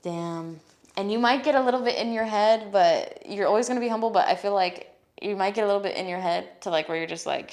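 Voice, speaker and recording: Her mid-range voice moves fairly quickly as she runs a live tarot reading. Casual, blunt, and quick to swear, she reads the card messages out in a steady voice.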